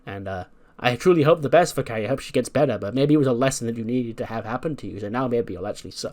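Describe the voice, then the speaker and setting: A man's voice: medium pitch, racing, darkish tone, close to an everyday voice. A man voicing a brash boastful female wrestler. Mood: scolding. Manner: rambling, stumbling restarts.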